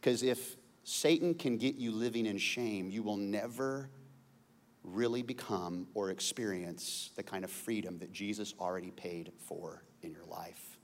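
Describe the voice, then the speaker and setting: Pastor preaching in an echoey hall. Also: male voice, fairly low pitch, a little slow. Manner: conversational, repeats words when searching, jokes and laughs, climbs to shouting. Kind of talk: sermon. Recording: long hall reverb.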